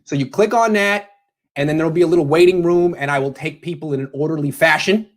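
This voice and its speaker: A man's voice: a little high, fast talker. Rambling man hosting a call-in show. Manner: loose, rambling, joking. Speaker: host.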